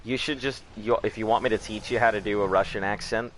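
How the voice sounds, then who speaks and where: A man's voice: fairly low pitch, steady tone, fast, over a noisy crowd. A young man hosting a gaming video, chatting casually and rambling while he plays, often restarting and repeating words. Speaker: gaming channel host. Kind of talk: casual chat while playing a game.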